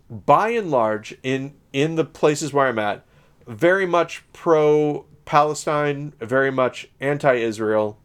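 A man from Southern Illinois co-hosts a podcast in a loose, conversational way. His voice sits at an ordinary pitch, and he wanders through his thoughts with plenty of "uh"s and restarted sentences. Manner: rambling, many fillers and self-corrections. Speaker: podcast co-host. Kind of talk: casual conversational chat.

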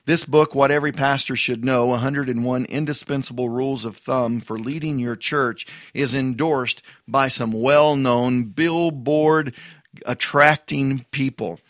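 Halting male pastor, dry close sound. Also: medium pitch, steady tone, a bit bright, dry recording. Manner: halting, repeats words, emphatic asides. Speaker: pastor reviewing a book. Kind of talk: casual spoken book review.

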